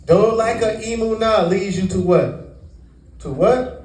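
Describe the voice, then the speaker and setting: Unhurried and a little mellow, this high-voiced Bible teacher prompts his congregation to fill in scripture during call-and-response sermon teaching. The meeting room echoes, and the mic is placed far from him.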